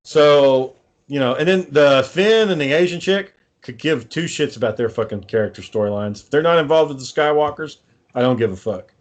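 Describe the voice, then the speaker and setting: Profane ranting man, slightly high voice. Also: normal speed. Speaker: podcast co-host. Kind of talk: casual chat.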